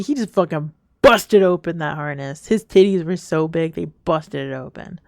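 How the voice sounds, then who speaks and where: A young adult woman streaming a game, reading its text aloud between excitable, crude, giggly banter. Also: low voice, moderate pace, gravelly, no echo, studio quality.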